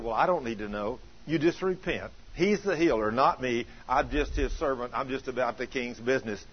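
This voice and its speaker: A man's voice: mid-range voice, husky, muffled recording. A male preacher giving a sermon, telling a healing story and quoting scripture with earnest conviction.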